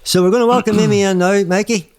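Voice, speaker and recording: Jokey podcast host. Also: male voice, high-pitched, fast, no echo. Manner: jokey, excitable banter. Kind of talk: casual chat.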